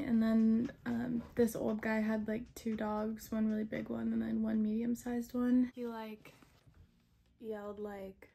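A woman's voice: on the high side, gravelly, mellow. A young woman vlogging casually, rambling with lots of "like" and "um", sounding shaken and upset. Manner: rambling, many fillers like "like" and "um". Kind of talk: casual vlog talk.

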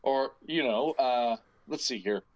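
A man's voice: mid-range voice, measured pace, rough recording. A man hosting a podcast, rambling and joking crudely in casual banter. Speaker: podcast host.

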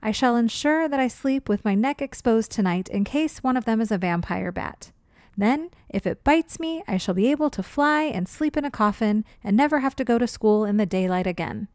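A woman's voice: fairly high pitch, expressive, normal speed, darkish tone, dry recording, clean studio sound, close to an everyday voice. A woman playing a smug know-it-all boy. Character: boastful young boy, teasing older brother.

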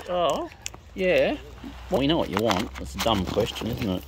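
A woman's voice: extremely low pitch, big pitch swings, normal speed, background noise. A woman talking to the wild birds she is feeding outdoors, in coaxing sing-song baby talk. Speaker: bird-feeding vlogger. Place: outdoors in a garden. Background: bird calls and animal sounds.

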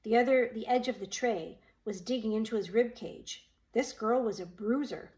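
A woman's voice: on the high side, normal speed, hardly any pauses, darkish tone, low-quality recording. A woman reading a children's novel aloud, giving each character a voice of their own. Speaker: audiobook reader. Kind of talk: storybook narration with character voices.

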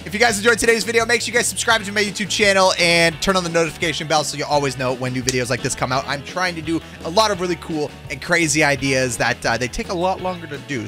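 A gaming YouTuber, an excitable young man with a fairly high voice, narrates Minecraft gameplay with jokes and quick reactions. Faint music plays behind him.

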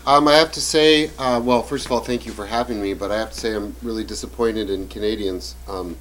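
A man's voice: on the low side, fairly even intonation, a little fast, a bit bright, a little hiss or hum, poor audio. Man, middle-aged, church lecture, conversational, joking. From United States. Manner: conversational, joking, with quoted asides. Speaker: guest lecturer.

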